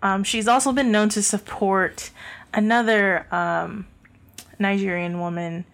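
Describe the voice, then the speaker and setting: A woman's voice: medium pitch, steady tone, unhurried, creaky, a bit bright. Young woman co-host, casual and candid, lots of fillers and restarts. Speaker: podcast co-host. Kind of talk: casual chat. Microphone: handheld mic.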